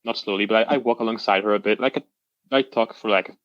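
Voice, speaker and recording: A young man, a coaching client, telling his story in a casual interview with halting restarts, reenacting what others said. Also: lowish voice, fairly even intonation, no echo, highs cut off.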